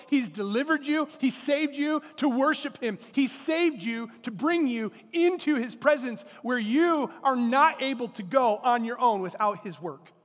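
High-voiced pastor preaching in a reverberant hall. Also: male voice. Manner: animated preaching with acted-out quotes. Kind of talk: sermon. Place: church sanctuary.

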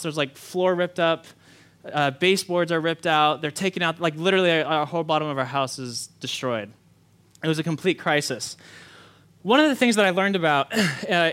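Young-ish pastor, animated and quick, clear bright voice. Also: male voice, on the high side. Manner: quick, animated storytelling with many fillers; hushed, slow prayer. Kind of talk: sermon with prayer and story. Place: church hall.

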